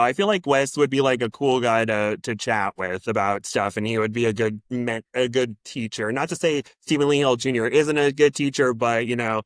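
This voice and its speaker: A man's voice: medium pitch, clear, resonant tone, no echo. A man co-hosting a fan podcast in casual chat, rambling a little with restarts and hesitations. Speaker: podcast co-host.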